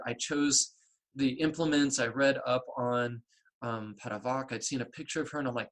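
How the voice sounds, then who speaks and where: A middle-aged man in an interview, telling a personal story and acting out both sides of a conversation with big jumps in pitch. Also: steady tone, moderate pace, a bit bright. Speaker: guest, artist and spiritual practitioner.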